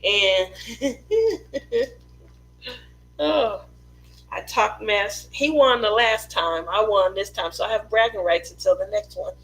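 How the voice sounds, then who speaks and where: A woman's voice: medium pitch, slow, pauses often, a bit bright, slight background noise, low-quality recording. A woman who hosts a craft live stream, telling family stories in a chatty way and laughing often. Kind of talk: casual storytelling chat.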